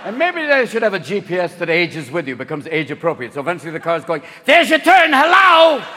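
A man's voice: a little high, sing-song, quick pace, long reverb tail, background noise. A man doing a stand-up comedy set, manic and profane, jumping into voices. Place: comedy stage before a live audience. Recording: live show with faint crowd.

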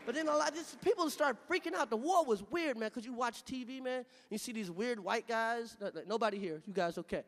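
A man doing a live stand-up routine, profane and animated, shouting his punchlines. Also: very high voice, brisk, hardly any pauses. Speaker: stand-up comedian. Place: stage in a large hall. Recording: live venue with reverb and audience.

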